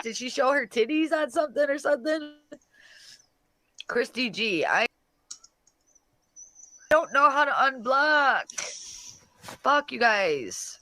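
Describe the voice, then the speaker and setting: A combative solo streamer who swears freely and snaps back at chat comments. The voice is forceful and bright, and it jumps up and down in pitch. It sits close and dry, with almost no room sound. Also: sing-song, unhurried, long pauses, no echo. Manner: profane, blunt and combative. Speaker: livestream host reading chat. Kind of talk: casual solo livestream chat.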